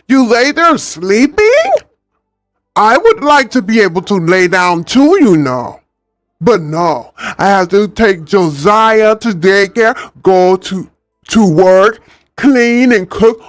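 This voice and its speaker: A man voicing an overworked, scolding mother with a Spanish accent, in a nagging, loud manner. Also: sits high, dry recording, voice pushed up, heavily acted. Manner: nagging, loud, drawn-out calls. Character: scolding overworked mother, middle-aged woman.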